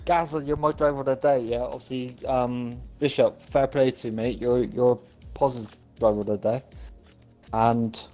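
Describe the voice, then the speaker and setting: Male league driver, medium pitch, crude laddish banter, faint music underneath. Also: fairly even intonation, normal speed, darkish tone. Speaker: league driver chatting on voice call.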